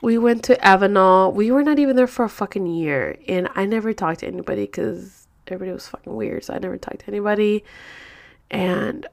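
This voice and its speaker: A woman's voice: medium pitch, a little fast, gravelly. A woman tells a story in a loose, rambling way. Her speech is full of swearing and filler words. She sounds like she is in her thirties and talks casually to her viewers. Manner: profane, rambling, animated. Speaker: vlogger.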